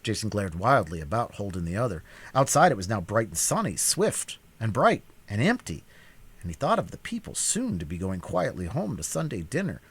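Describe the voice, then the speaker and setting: A man's voice: fairly low pitch, big pitch swings, moderate pace, breathy edge. A man doing a cold read of a novel on a live stream, narrating expressively.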